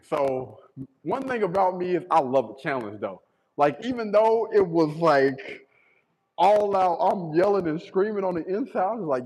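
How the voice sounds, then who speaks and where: A man YouTuber telling a story in a casual, animated, slangy way, often repeating his words. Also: on the high side, long reverb tail, low-quality recording.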